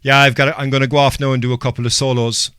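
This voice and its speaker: A man hosts a podcast at a mid pitch, chatting loosely with lots of fillers. His voice sounds dry and close, with no room echo. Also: little pitch movement, quick pace, sharp tone, smooth. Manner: rambling, filler-heavy, chatty. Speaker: podcast host. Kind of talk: casual chat.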